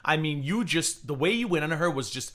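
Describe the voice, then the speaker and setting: Bright-voiced man ranting on a livestream. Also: a little high, lively intonation, fairly quick. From United States. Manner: profane, mocking, combative. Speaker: livestream host. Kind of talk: heated livestream commentary.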